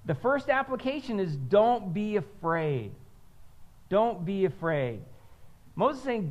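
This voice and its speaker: A man's voice: high voice, sing-song, slow pace, highs cut off. A man pastor preaching a sermon in a conversational way, often checking in with "right?" and having the congregation repeat phrases.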